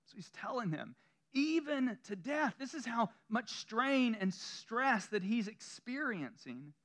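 A man's voice: very high voice, sing-song, takes it slowly, fairly bright tone. A man from the American South with a Southern accent, preaching a conversational sermon to a congregation, chuckling often and making self-deprecating asides. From Southern United States. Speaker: pastor. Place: church room before a congregation.

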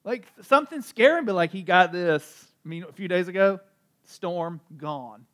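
A man with a high voice preaches a sermon in an easy, conversational way. He jumps from loud, stressed phrases to quiet, low asides and slips in light jokes about himself. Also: moderate pace. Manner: conversational, animated, with asides and self-deprecating humor; strong swings between loud emphasis and soft low delivery. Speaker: pastor.

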